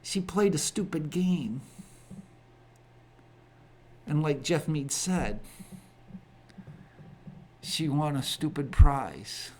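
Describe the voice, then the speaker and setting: A man's voice: on the high side, darkish tone, slight background noise. A man hosting a ministry show and giving a spoken commentary monologue, with emphatic repeated phrases. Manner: slow, deliberate delivery with emphatic repeated phrases.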